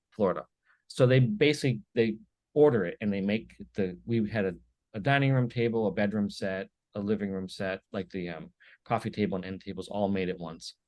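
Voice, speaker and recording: A man speaking as a guest on a business podcast, with energetic, emphatic storytelling full of quick "right?" tags. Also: fairly low pitch, no room sound. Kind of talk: podcast interview.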